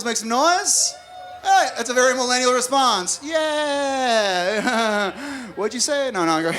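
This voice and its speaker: A man's voice: extremely high pitch, bright, forceful tone. A man in his thirties performing a stand-up comedy set, chatting and joking with a live audience in a venue. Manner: conversational, quick jokes told to a live crowd.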